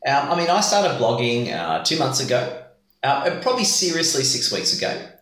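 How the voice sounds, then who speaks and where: Jokey animated male host, echoey room. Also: medium pitch, normal speed. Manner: jokey, animated, rambling questions. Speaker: interviewer, host. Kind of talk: casual interview chat.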